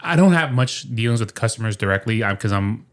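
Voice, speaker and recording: Chatty low-voiced man co-hosting. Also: expressive, fairly quick. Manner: chatty storyteller, acts out quotes. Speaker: podcast co-host. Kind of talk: casual chat. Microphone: studio microphone.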